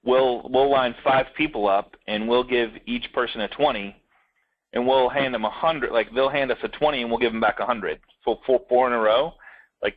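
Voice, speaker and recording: A man's voice: medium pitch, moderate pace, no echo, dull audio. A man coaching in a casual business chat, telling stories and acting out what people say. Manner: animated storyteller acting out quotes.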